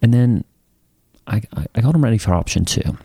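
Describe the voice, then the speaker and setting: A man's voice: mid-range voice, animated, a little fast, vocal fry, dark tone, husky, dry recording, studio quality, exaggerated voice. A man playing a self-satisfied youth pastor who tells a rambling story full of fillers and restarts. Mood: rambling, earnest. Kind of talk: improvised comedy character.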